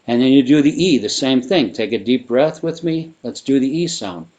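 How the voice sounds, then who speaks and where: Male sound therapy teacher, mid-pitched, loose and rambling, guided exercise delivery. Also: moderate pace. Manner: relaxed, rambling, with frequent fillers and restarts. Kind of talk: guided vocal exercise instruction.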